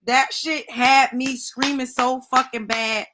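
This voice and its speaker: A woman's voice: high-pitched, steady tone, slow pace, noisy background. A woman hosting a live stream, giving blunt, profane reaction commentary and laughing often. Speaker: show host.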